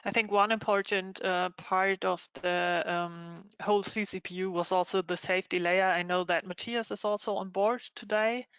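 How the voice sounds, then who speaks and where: A woman's voice: mid-range voice, steady tone, moderate pace, hardly any pauses, fairly bright tone, clear, resonant tone, no room sound. A woman moderating a project webinar online, speaking with many hesitant ums. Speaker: session moderator. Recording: dull lo-fi online call.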